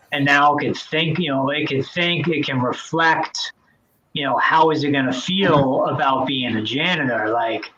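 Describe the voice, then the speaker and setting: A man's voice: mid-range voice, pushed and bright. Male podcast host, casual and rambling, faint hiss on a slightly dull recording. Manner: rambling, many fillers and restarts. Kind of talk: casual chat.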